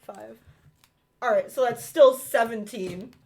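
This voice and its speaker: A woman player in a tabletop game, chatting casually with quick reactions. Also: on the high side, creaky. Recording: loud background noise.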